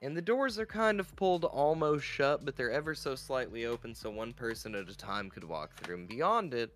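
A man narrating as game master of a tabletop role-playing game, in an animated, playful way. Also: medium pitch, normal speed, faint music behind.

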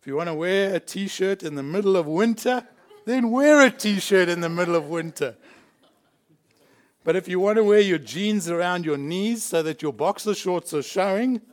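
A man's voice: sits high, moderate pace. A man from South Africa preaching a sermon in a church, emphatic and chuckling between points. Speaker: pastor.

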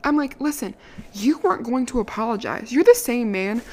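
Brash, profane young woman telling a story. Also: moderate pace. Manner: lively, climbs high when indignant. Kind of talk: casual storytelling.

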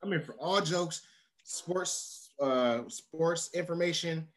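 A man hosting a podcast in casual chat, animated and rising in pitch when he makes a point. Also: slow. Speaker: podcast host.

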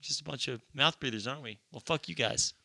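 Blunt, bright-toned man in a dry room. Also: medium pitch, fairly quick, gravelly, dry recording. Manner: blunt, profane, mock-ranting. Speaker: podcast co-host. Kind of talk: casual movie chat.

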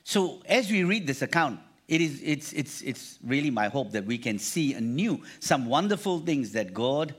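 Animated male preacher, lively pitch. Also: normal speed, few pauses, slightly rough. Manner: animated, repeats phrases, calls for congregation response. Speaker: pastor. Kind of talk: sermon.

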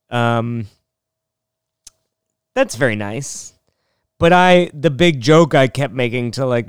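A young male podcast host with a medium-pitched, clean voice tells rambling, self-mocking stories in a casual monologue, laughing often. The studio sound is clean, with no echo.

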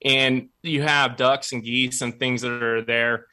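A man's voice: mid-range voice, level tone, slow, bright, forceful tone. A man hosting a motivational show, telling stories and repeating points emphatically. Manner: emphatic storytelling with repetition. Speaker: podcast host. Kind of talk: motivational talk.

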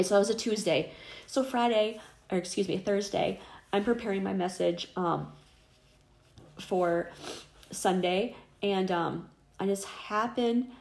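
A woman's voice: lowish voice, creaky, a little mellow, reverberant. A middle-aged woman telling a personal faith story in casual conversation. She is earnest and chatty, with many fillers, and acts out the voices she quotes. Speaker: interviewee.

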